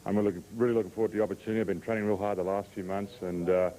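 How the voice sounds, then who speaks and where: A man's voice: lowish voice, steady tone, very fast, mellow, a little hiss or hum, poor audio. An Australian man being interviewed as a wrestler, laid-back and calling everyone mate.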